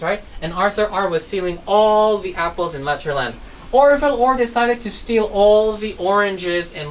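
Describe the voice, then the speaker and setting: A woman's voice: mid-range voice, distant mic, a little hiss or hum, poor audio. A woman teaching a child English phonics, telling a story and asking patient questions. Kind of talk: online phonics lesson for a child.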